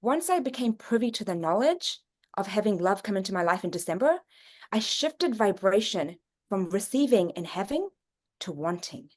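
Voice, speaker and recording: Woman guest, mid-pitched, earnest and explanatory, expressive delivery. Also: moderate pace. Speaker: psychic reader and guest. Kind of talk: conversational interview.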